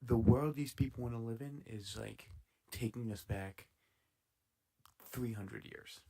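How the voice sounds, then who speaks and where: A man's voice: on the low side, a little slow, vocal fry, darkish tone. A man giving casual, sarcastic, profane commentary while reacting to clips. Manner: sarcastic, swearing, laughing asides.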